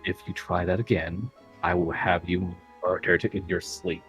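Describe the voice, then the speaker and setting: A man's voice: on the low side, normal speed, soft background music, close to an everyday voice. A man putting on a furious haughty sorceress. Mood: cold threat. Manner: cold threatening. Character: angry haughty female sorceress.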